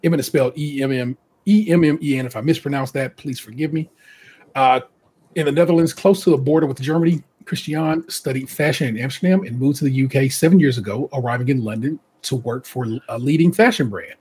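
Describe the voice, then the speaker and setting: A man's voice: medium pitch, a little fast, darkish tone, husky. A man hosting a casual podcast, reading out contestant bios and breaking off for chatty asides and laughter. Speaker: podcast host.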